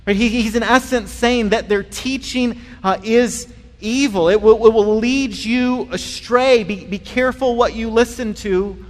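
A man preaching a sermon in a conversational, animated way, often repeating words as he starts a phrase. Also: very high-pitched, measured pace, big-room sound. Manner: conversational and animated, acting out voices in stories. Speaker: pastor.

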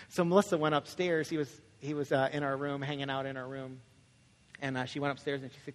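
Quick-paced and a little high, with fairly even intonation, a young adult man from Michigan, USA preaches as a pastor in a conversational way. He tells stories and often asks "right?", while a long reverb fills the echoey hall.

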